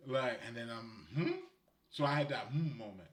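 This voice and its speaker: A man's voice: medium pitch, brisk. A man from Haiti giving casual spiritual guidance, rambling and laughing often as he talks. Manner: laid-back, rambling, frequent laughter. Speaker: spiritual guide. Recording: roomy echo.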